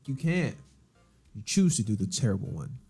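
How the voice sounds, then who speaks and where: A playful man co-hosting a video game playthrough, teasing his partner with mock-serious jokes. His voice swings up and down with lively expression. Faint game music plays underneath. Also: fairly low pitch, moderate pace, breathy edge. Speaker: let's play co-host. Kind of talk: casual gaming banter.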